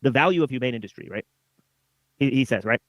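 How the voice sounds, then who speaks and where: A man's voice: medium pitch, expressive, quick pace, no echo. A male host of a live stream, reading philosophy texts and commenting on them in a rambling way, tagging nearly every phrase with "right?".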